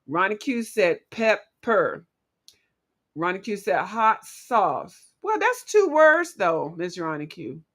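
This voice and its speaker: A woman hosting a casual livestream, chatting playfully with viewers and quick to laugh. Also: fairly high pitch, sharp tone. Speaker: livestream host.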